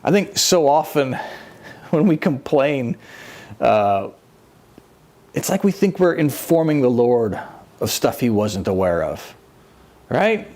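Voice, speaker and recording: A man giving a conversational, animated sermon as a church minister, with self-mocking humor. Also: mid-range voice, slow pace, pauses often.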